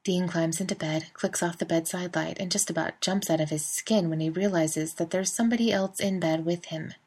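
A woman's voice: fairly low pitch, steady tone, moderate pace, a little mellow, breathy edge. A woman narrating a fan fiction story in a wry, conversational way. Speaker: reader. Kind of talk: fan fiction audiobook reading.

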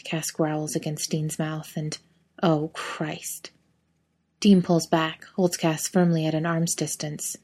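Woman reading a story, lowish voice. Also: steady tone, unhurried, a little mellow. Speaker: narrator. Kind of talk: reading fiction aloud.

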